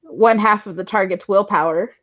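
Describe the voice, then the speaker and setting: A woman's voice: medium pitch, normal speed, a bit bright, lo-fi sound. A woman running a tabletop game as storyteller, narrating casually with lots of fillers, restarts and laughter. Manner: giggly, with many fillers and restarts.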